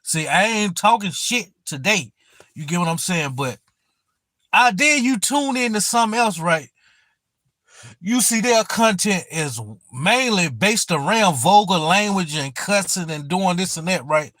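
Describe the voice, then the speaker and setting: High-voiced man, loose profane livestream chat. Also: unhurried, no echo. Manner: loose, profane, street slang; animated storyteller. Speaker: YouTuber on a livestream.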